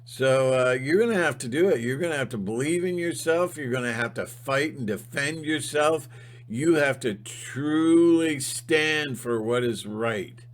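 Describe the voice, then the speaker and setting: A man's voice: mid-range voice, measured pace, pitched above the performer's own voice, close to an everyday voice. A man voicing a tough soldier mentor, giving a firm, encouraging pep talk. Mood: firm encouragement.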